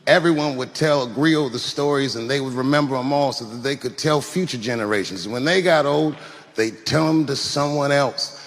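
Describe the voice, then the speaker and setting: A man's voice: mid-range voice, normal speed. Earnest man speaking in a reverberant hall. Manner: earnest, addresses his mother directly. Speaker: speaker honoring his mother. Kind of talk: heartfelt tribute speech.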